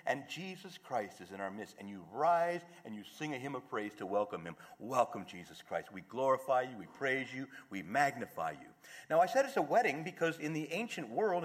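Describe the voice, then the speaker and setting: A man preaching a sermon as a priest, moving between soft explanation and rising, fervent declaration. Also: fairly high pitch, in a large hall.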